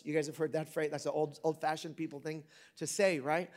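High-voiced joking male preacher. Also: fairly even intonation, quick pace. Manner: conversational and joking, with big dynamic swings. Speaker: pastor. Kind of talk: sermon.

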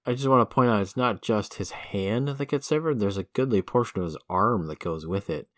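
Deep-voiced man musing on comics. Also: a bit bright. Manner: measured, thoughtful, with frequent ums. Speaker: podcast co-host. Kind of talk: casual chat about comics.

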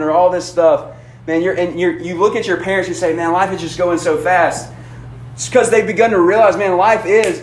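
Casual youth pastor in an echoey hall. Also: male voice, fairly high pitch. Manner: casual and conversational, with frequent "like" and "man" and quick restarts. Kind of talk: lively youth sermon. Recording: roomy echo, faint room noise.

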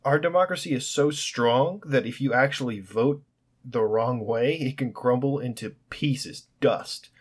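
Brief: young man, solo podcast rant, mid-pitched, sarcastic and sweary, rambling. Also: measured pace, husky. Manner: sarcastic, profane, rambling with restarts. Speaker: podcast host.

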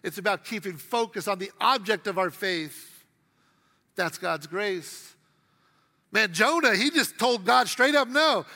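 In a large hall, a middle-aged pastor preaches with humor, voicing quotes as he tells his stories. His voice sits high and sounds pushed and bright, animated yet at a measured pace.

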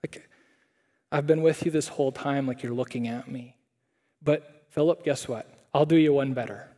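Picture a patient, gently exasperated teacher with a soft, calm way of explaining, as a preacher acts him out. His voice drops low and quiet, and it echoes through a large chapel hall. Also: moderate pace, natural voice.

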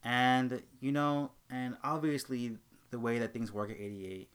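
Unhurried, with a medium pitch and clean tone, a young talk show host recounts an animated tale about a rude customer on his casual show. He plays both parties in the argument.

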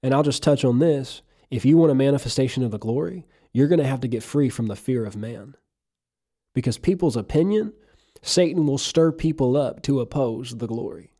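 Mellow-voiced male preacher. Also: medium pitch, expressive, moderate pace. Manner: earnest, emphatic preaching, reading scripture aloud. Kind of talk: sermon.

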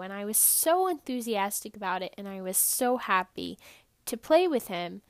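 A young adult woman hosting a podcast, telling stories in an animated, bubbly and earnest way. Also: mid-range voice, measured pace, smooth, no echo, clean studio sound. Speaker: podcast host. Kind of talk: upbeat motivational podcast talk.

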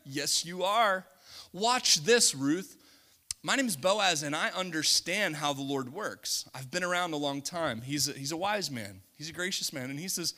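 Bright, lively-voiced male preacher. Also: a little high, moderate pace. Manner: animated, laughing often, acts out scenes. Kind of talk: sermon.

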